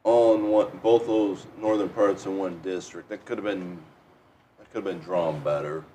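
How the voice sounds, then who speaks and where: A man's voice: low voice, fairly even intonation, normal speed, mellow, slight background noise. A man co-hosting a casual podcast, methodically running through political details in a matter-of-fact way. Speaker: podcast co-host, former party district chair. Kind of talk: casual chat.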